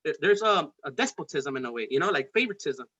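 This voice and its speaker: A man's voice: a little high, expressive, fast, bright, forceful tone, husky. A man hosting a casual political podcast chat, talking in a heated, profane, rambling way with many restarts. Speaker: podcast host. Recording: dull lo-fi recording.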